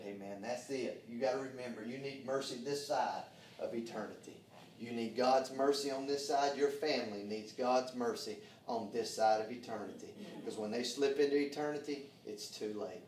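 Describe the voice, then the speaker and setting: A man's voice: medium pitch, a little mellow, roomy sound, distant mic, slight background noise. A man preaching a sermon in a church, fervent and folksy, calling out to the congregation for answers. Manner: fervent preaching with call-and-response, folksy grammar. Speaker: pastor. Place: church sanctuary.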